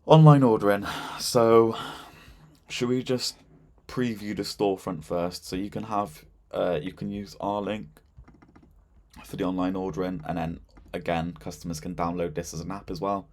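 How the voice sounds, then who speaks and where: A low-voiced man demonstrates software in a casual screen-share walkthrough, speaking at a moderate pace. He's relaxed and chatty, dropping in plenty of fillers and "so yeah."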